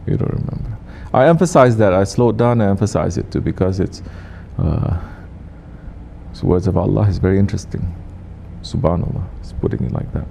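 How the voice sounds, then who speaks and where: Low gravelly male sufi teacher. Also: brisk, dark tone, slight background noise. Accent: Turkish. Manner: questions the audience, teasing and repetitive. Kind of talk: teaching talk to a congregation.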